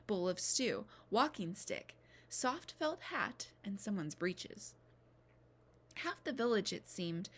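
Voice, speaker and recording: Woman reading a novel aloud expressively. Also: medium pitch. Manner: expressive, drops to a whisper at times. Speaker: reader.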